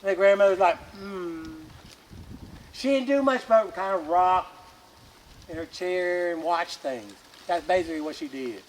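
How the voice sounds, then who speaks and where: A man telling a folk tale aloud in a lively, folksy way, with colloquial asides to listeners. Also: sits high, normal speed, slight background noise. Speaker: storyteller. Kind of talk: oral folk storytelling.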